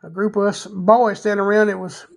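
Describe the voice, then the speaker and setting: A man's voice: sits high, level tone, a little fast, gravelly, darkish tone. A man with a Southern US accent candidly telling rambling, self-deprecating stories about his past, full of filler words. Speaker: vlogger. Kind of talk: personal storytelling monologue.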